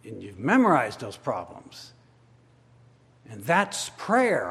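Reading scripture aloud, a male pastor comments on it with pointed rhetorical questions. His medium-pitched, slightly bright voice moves slowly with huge pitch swings, and the large hall adds long reverb.

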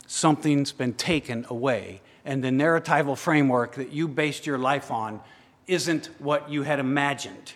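A pastor with a medium-pitched voice preaches a sermon in a large hall. He shifts between hushed, slow reflection and raised, urgent emphasis, repeating phrases in building lists.

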